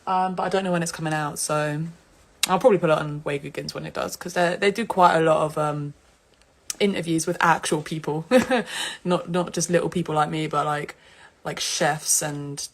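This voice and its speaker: A woman's voice: low voice, steady tone, normal speed. A young woman from England, chatting casually and giggling on an Instagram live stream. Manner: giggly and chatty, laughs often.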